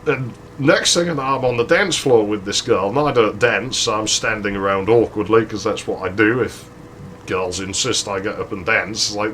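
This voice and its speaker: A man's voice: fairly low pitch, moderate pace, fairly bright tone, slight background noise. A man hosting a gaming channel, telling a crude, rambling story with frequent laughs. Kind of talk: casual storytelling over gameplay.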